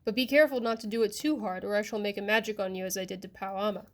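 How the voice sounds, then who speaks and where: A woman voicing a stern, ancient male magician in a storybook reading, speaking in a grave, measured way. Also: medium pitch, steady tone, close to an everyday voice.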